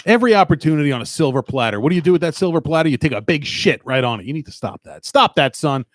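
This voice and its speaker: A man's voice: on the high side, animated, racing, no room sound, clean studio sound. A middle-aged man with a New York accent, hosting a podcast in casual banter and teasing with a lot of swearing. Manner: profane, teasing, wisecracking. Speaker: podcast host.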